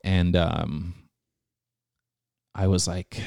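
Young man, very low voice, gravelly fry, casual storytelling, slangy and earnest, dry close sound. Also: moderate pace, darkish tone, no room sound. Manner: loose and slangy, full of fillers and restarts; earnest and emotional when telling the story. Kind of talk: casual storytelling in a podcast chat.

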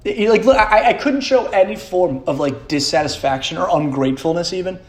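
A man's voice: high-pitched, fairly quick. A young man hosting a solo podcast, rambling in a profane, self-mocking way and laughing often. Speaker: podcast host.

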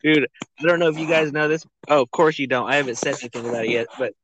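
A man's voice: fairly high pitch, racing, background noise. A young man co-hosting a podcast, chatting casually with lots of swearing, laughter and "dude". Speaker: podcast co-host.

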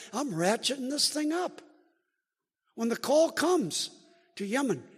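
A male preacher giving a sermon, joking and teasing the crowd and building up to shouts. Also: very high-pitched. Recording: long hall reverb.

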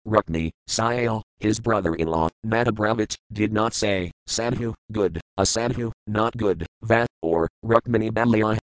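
Male reader for scripture glosses: measured, list-like delivery, dry close recording. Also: lowish voice, no room sound, low-quality recording. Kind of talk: scripted recitation of verses with word meanings.

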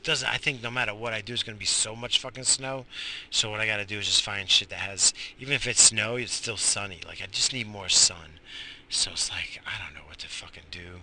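A young man rambles on, griping and swearing at every turn. His voice sits a little low, with a sharp, bright edge. A faint hiss of outdoor night air runs under his talk. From Atlantic coast of the US. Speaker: vlogger. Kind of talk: rambling profane monologue.

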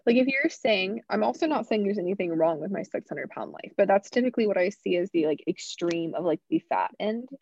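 A woman's voice: medium pitch, very animated, brisk, hardly any pauses, a little mellow. A woman co-hosting a podcast, chatting casually with sarcastic asides and many "like" fillers. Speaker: podcast co-host. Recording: dull, dry lo-fi sound.

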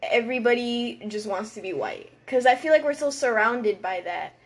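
A woman's voice: a little high, normal speed. A teenage girl with a Uruguayan family background, chatting casually with lots of fillers and giggles. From United States, Uruguayan family. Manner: rambling, filler-heavy, giggly. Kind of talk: casual chat.

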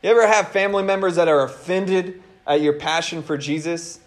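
A man preaching a casual, animated sermon, laughing and acting out the people he quotes. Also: on the high side, a little fast.

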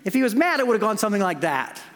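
A man preaching a sermon as pastor, telling stories with restarts and moving between lively and hushed passages. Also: sits high, rapid-fire. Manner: storytelling with frequent restarts, swinging between animated and hushed. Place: church sanctuary. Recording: long church reverb.

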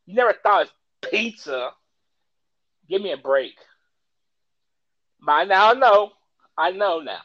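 Animated man on a podcast. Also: high-pitched, slow pace, long pauses, lo-fi sound. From Kentucky, US South. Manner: animated storytelling, laughs often. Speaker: podcast host. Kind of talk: casual chat.

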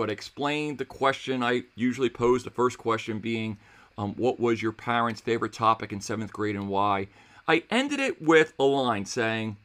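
A man who teaches seventh grade history, telling a story in a casual, animated way and acting out the dialogue. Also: medium pitch. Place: New Jersey.

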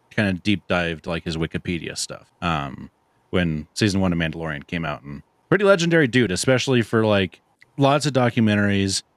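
A man's voice: fairly low pitch, no echo. Laid-back young male podcast host. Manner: relaxed, laughing, rambling. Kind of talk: casual chat.

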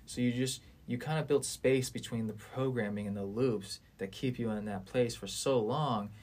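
A man's voice: medium pitch, moderate pace, a little mellow. A man in his twenties talking earnestly and at length in a casual podcast conversation, rambling and swearing freely.

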